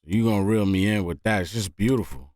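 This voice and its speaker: A man hosting a music reaction video, talking casually and excitedly and often saying "man". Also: fairly low pitch, fairly quick. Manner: animated, often says "man".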